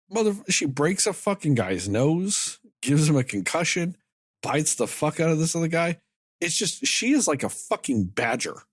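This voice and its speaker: With a very animated, medium-pitched, slightly rough voice, this podcast co-host talks through film scenes, rambling and cursing freely. He frequently tosses off characters' lines in quick asides. The sound is clean studio audio with no echo.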